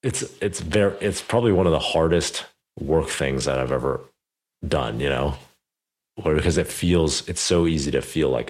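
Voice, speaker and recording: A man's voice: very deep voice, moderate pace. A man hosting a podcast interview, telling a personal story casually with lots of "like" and "you know". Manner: animated, many fillers like "like" and "you know". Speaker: podcast host.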